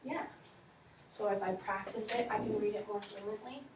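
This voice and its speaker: A woman's voice: mid-range voice, fairly even intonation, moderate pace. A woman teaching a class of children, asking questions and reading aloud to them. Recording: echoey room from far off, faint noise.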